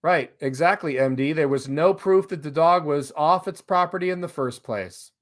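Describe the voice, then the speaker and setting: A man's voice: on the high side, normal speed. A man hosting a live stream in casual chat, reading viewer comments aloud in a loose, sarcastic way and laughing along.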